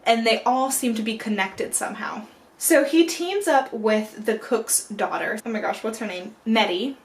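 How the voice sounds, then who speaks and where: A young woman with a slightly high voice talks through a casual book review vlog. She rambles warmly and loosely, and her pitch swings up and down with quick asides. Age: young adult. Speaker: book vlogger.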